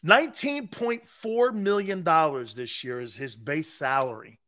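A man's voice: fairly high pitch, measured pace, few pauses. A middle-aged man hosting a sports talk show, arguing his takes in an emphatic, opinionated way with little chuckles. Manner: animated, emphatic, argumentative with chuckles.

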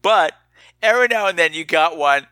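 A man hosting a podcast, telling a rambling, self-mocking story in a casual, animated way. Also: a little high, moderate pace, no echo. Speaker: podcast host.

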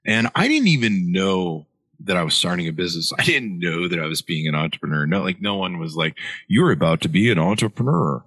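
A man's voice: sits low, very animated, fairly quick, a bit bright, breathy edge, dry recording. A middle-aged man, an author guest, telling a long story in an interview with many fillers and restarts.

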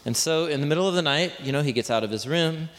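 A pastor preaches a sermon in a church hall, conversational and joking with the room, often restarting his sentences. His voice is on the high side, quick, and fairly bright, and the hall is reverberant.

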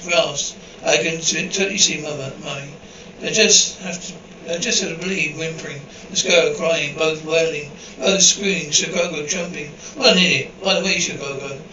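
A man's voice: sits high, bright, forceful tone, roomy sound, distant mic, muffled recording, a little hiss or hum. A man reading an episode script aloud, voicing the dialogue and the sound cues in the same evenly paced voice. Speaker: script reader.

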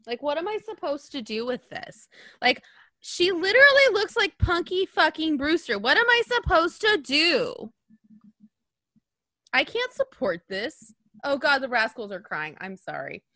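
High, lively woman chatting animatedly. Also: a little slow, no echo, clean studio sound. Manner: animated, swearing, laughing asides. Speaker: podcast co-host. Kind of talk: casual chat.

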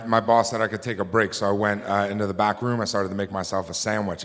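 A married man telling a true personal story on a theater stage, talking in a loose, conversational way with fillers and restarts. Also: deep voice. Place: theater stage before a live audience.

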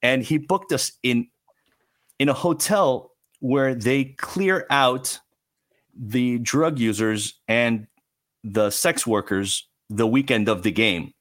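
Animated man telling wild stories. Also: medium pitch, takes it slowly. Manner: animated, self-mocking, restarts phrases. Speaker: podcast guest. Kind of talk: casual storytelling. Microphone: remote call.

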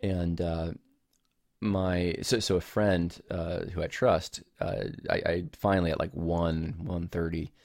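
With a low, level voice that's slightly mellow and full of vocal fry, this solo podcast host speaks slowly, rambling, apologizing casually, and restarting sentences to explain himself. His home camera setup yields a dry, clean studio sound.

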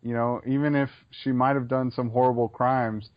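A man's voice: mid-range voice, level tone, moderate pace, no room sound. A man co-hosting a casual podcast, talking enthusiastically through a TV scene and often repeating himself as he thinks. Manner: enthusiastic, analytical, repeats phrases. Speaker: podcast co-host. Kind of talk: casual TV recap chat. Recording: dull lo-fi sound, dry room.

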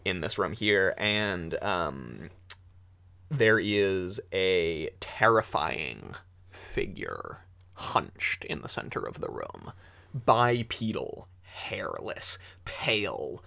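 A man narrating a tabletop game as game master, slow and descriptive with hesitant fillers. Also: low voice, very animated, gravelly, sharp tone.

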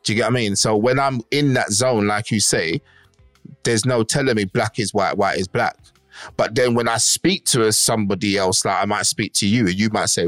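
A man's voice: mid-range voice, fairly quick, no room sound. A middle-aged man talks in casual podcast chat, emphatic and insistent. He keeps checking that his co-host follows him. The voice sits close and dry, with faint music underneath.

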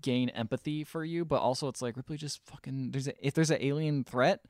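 A man's voice: mid-range voice, steady tone, fairly quick, a little mellow, no echo, studio quality. A man hosting a podcast, casually retelling a film scene by scene with loose, swearing chatter. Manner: rambling, casual swearing, acts out quotes loosely. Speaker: podcast host. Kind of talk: casual film recap chat.

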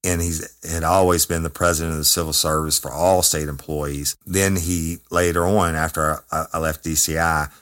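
A man with an extremely low, deep voice tells a story casually. He talks in a blunt, profane, emphatic way, punching out words as he goes. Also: normal speed, few pauses. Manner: profane, emphatic, animated retelling. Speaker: former correctional officer telling a story.

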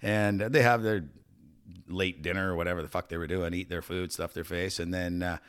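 A man's voice: deep voice, steady tone, moderate pace, fairly bright tone, smooth. A man co-hosting a podcast, telling a crude, laughing story in casual chat. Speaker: podcast co-host.

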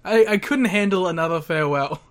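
Animated podcaster, laughing, swearing. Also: medium pitch, brisk. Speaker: podcast co-host. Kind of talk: casual wrestling recap chat.

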